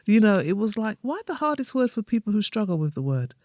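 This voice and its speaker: A woman guest on a podcast, a comedian and playwright, telling animated stories and acting out what people said. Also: medium pitch, fast talker, dry recording. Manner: animated storyteller acting out voices. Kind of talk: casual podcast conversation.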